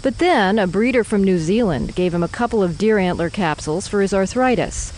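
A woman reporter reading a scripted news report in a measured, even way. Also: medium pitch, slight background noise.

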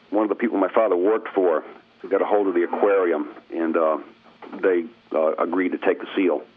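A man's voice: low voice, fairly even intonation, normal speed, slight background noise. A middle-aged man from Maine, a radio guest telling a family story over the phone in an easygoing, chuckling way. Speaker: interview guest. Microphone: telephone. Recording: tinny dry phone line.

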